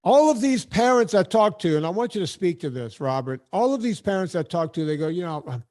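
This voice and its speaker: A man hosting a podcast interview, talking in an animated, emphatic way and often repeating words as he gets going. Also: high-pitched, a little fast. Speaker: podcast host. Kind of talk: casual conversational interview.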